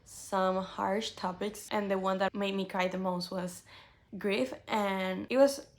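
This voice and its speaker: Young female book vlogger, mid-pitch, gravelly fry, chatty and effusive. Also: takes it slowly. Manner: gushing, animated, with many "like" fillers. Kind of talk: casual book tag chat.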